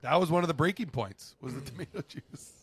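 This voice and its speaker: A man's voice: fairly high pitch, fairly bright tone, breathy edge, dry recording. A man co-hosting a podcast in casual chat, joking, laughing and telling anecdotes. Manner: jokey, quick to laugh, tells anecdotes. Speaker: podcast co-host.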